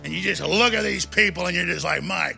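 A man hosting a talk show, delivering a combative political rant that builds into shouting. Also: high voice, fast, vocal fry, soft background music.

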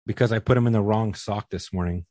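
A man co-hosting a podcast, telling quick crude one-liners and stumbling over his words now and then. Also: lowish voice, steady tone, warm tone, no echo. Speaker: podcast co-host. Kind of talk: casual joke-telling chat.

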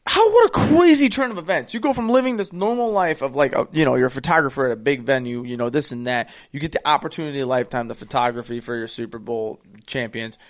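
A man co-hosting a casual chat, swearing freely and jumping into high, excited bursts when worked up. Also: quick pace, hardly any pauses. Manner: profane, animated, swings into high excited bursts. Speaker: podcast co-host.

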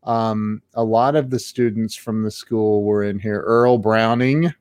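A woman hosting an interview podcast, asking halting questions with many restarts. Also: a bass voice, steady tone, darkish tone, clear, resonant tone, no echo. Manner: halting, restarts questions, quick to laugh along. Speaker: podcast host. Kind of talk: casual interview chat.

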